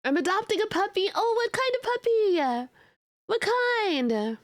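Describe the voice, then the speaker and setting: A young woman streamer chats casually with her viewers, playful and prone to mock outrage. Her voice sits high, and the sound is dry and close, with no room echo. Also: lively intonation, a little slow. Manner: chatty and playful, with bursts of laughter and mock outrage; many fillers and restarts. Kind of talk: casual chat reacting to live chat.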